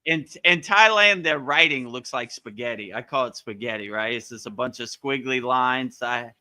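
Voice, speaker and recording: A man's voice: mid-range voice, moderate pace, bright, forceful tone, no echo. A man hosting a live online Q&A, chatting casually, joking and laughing often, with frequent stammered restarts. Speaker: host of a live Q&A. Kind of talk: casual chat.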